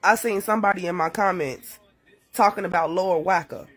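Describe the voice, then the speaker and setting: A woman telling a dramatic story to her phone in a casual, profane and animated way. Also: fairly low pitch, a little fast, breathy edge. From Chicago. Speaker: TikTok storyteller. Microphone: phone mic.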